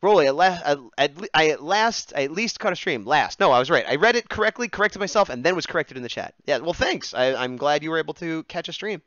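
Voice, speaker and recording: A man's voice: on the high side, animated, fast, few pauses, dry recording, muffled recording. Man muttering while sketching on stream. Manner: mutters and hums to himself while drawing, then turns to chat brightly. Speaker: streamer sketching and taking requests. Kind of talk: casual live-stream chat while drawing.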